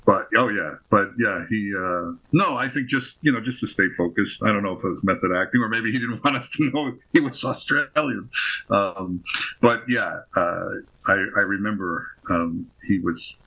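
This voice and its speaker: A man being interviewed as a guest actor, rambling through affectionate anecdotes in a relaxed chat. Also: fairly low pitch, normal speed, poor audio.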